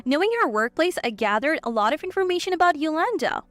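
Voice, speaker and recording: Woman narrator for a scripted drama story, high and animated, dry close read. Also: fast, no room sound. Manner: lively, cold when retorting.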